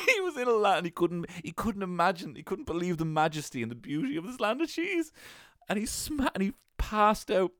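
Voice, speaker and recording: A man's voice: high voice, moderate pace, dry recording, studio quality. A young man casually telling a funny childhood story, swearing freely and breaking into laughter. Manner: animated, swearing, laughing often.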